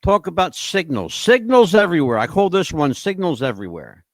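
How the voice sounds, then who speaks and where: A man's voice: on the high side, fairly quick. A man hosting a casual podcast, talking straight to his viewers, asking question after question and often repeating words as he goes. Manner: animated, questioning, addresses chat by name. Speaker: podcast host. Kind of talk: casual livestream talk to viewers.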